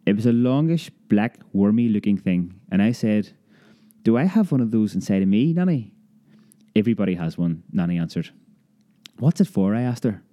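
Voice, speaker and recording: A man reading a childhood memoir aloud as an audiobook, lively storytelling that raises his pitch for a child's cries. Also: normal speed. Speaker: narrator.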